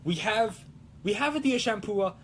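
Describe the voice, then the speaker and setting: Man doing a hammy fake-Italian rancher, high and bouncy, theatrical. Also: expressive, moderate pace, slight background noise. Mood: playful. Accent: put-on Italian. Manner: theatrical, rambling, sing-song. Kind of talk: livestream chat in character.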